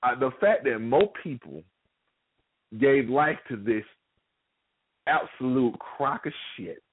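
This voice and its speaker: A man's voice: mid-range voice, animated, takes it slowly, husky, no room sound. Blunt man ranting over a phone line. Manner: blunt, profane, repeats words when starting. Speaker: co-host. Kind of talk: casual radio chat. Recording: dry phone-line audio.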